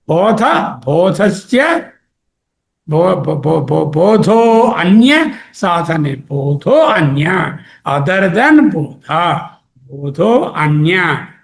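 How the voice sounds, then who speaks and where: A male scripture teacher with a lively, high voice and some vocal fry explains a Sanskrit text to a study circle in a roomy-sounding space. He is animated, repeating and drilling each word, and asks himself questions that he then answers.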